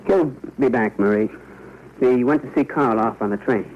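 A man's voice: medium pitch, normal speed, a little hiss or hum, natural voice. A man playing an anguished father in a 1940s radio drama, talking in an earnest, strained and pleading way. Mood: despairing. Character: anguished middle-aged father under occupation. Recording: muffled old radio broadcast.

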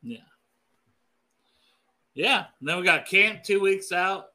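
Brief: male podcast host, candid casual chat, very bright voice, a touch high. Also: lively intonation. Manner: candid, swearing, quick to laugh.

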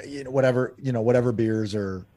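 A man telling stories in casual podcast chat, animated, laughing a lot and mimicking other people. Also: medium pitch, quick pace. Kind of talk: casual storytelling.

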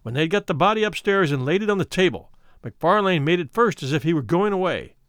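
Man narrating a horror story, expressive delivery, lively high-ish voice, dry close sound. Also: fast, no room sound. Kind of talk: dramatic audiobook narration.

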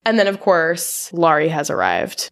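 A woman's voice: low voice, sing-song, measured pace, gravelly. A woman co-hosting a podcast, casually recapping a film from her notes and laughing often. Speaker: podcast co-host.

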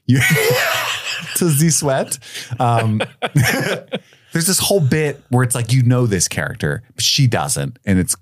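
A man's voice: medium pitch, lively intonation, a bit bright, no room sound, studio quality. A man co-hosting a film-review podcast, chatting casually, joking and swearing freely. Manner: joking, profane, doing quick silly voices. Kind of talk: casual chat.

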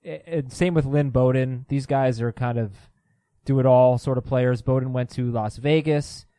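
A man's voice: mid-range voice, steady tone, moderate pace, mellow, dry recording. A man co-hosting a fantasy football podcast, speaking in a plain, matter-of-fact way. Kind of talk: casual podcast discussion.

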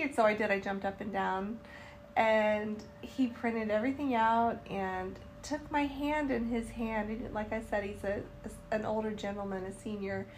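A woman's voice: mid-range voice, normal speed, slight background noise. A woman from North Carolina, co-hosting a casual podcast and telling a travel story with lots of laughter and acted-out quotes. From Charlotte, North Carolina, USA. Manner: animated storyteller, acts out quotes, laughs often. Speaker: podcast co-host. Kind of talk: casual travel recap chat.

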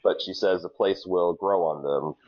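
Low-voiced male podcast co-host, animated and jokey, muffled recording. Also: moderate pace. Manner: animated, stammering restarts, jokey. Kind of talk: casual recap chat.

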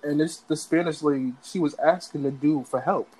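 A man's voice: a little high, moderate pace, breathy edge, poor audio. A young man telling funny stories casually among friends, laughing often and acting out the people in them. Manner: animated, laughs often, acts out voices in stories.

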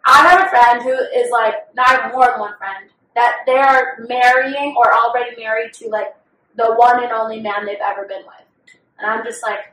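A podcast co-host, a young woman, overshares candidly and profanely about her life in relaxed conversation. Her voice is on the high side and a bit bright, with a steady tone and normal speed. Roomy sound comes from the distant mic.

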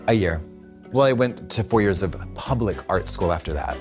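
A man's voice: deep voice, moderate pace, loud music behind the voice. A man co-hosting a comedic chat show, theatrical and sarcastic. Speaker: co-host.

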